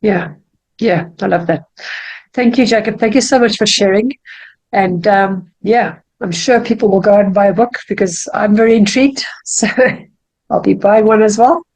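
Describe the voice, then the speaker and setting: Female interview host, mid-pitched voice, affirming short replies, casual. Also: normal speed, a little mellow, low-quality recording.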